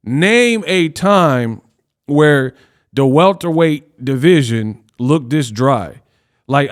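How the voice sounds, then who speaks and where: A man hosting a boxing news channel, giving casual reaction commentary in an animated, slangy way. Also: mid-range voice, clean tone. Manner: animated, slangy, fast banter.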